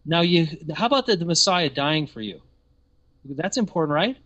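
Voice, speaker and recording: A man's voice: fairly high pitch, lively intonation, normal speed, fairly bright tone, dull audio. A man giving a sermon-style teaching, emphatic and full of rhetorical questions.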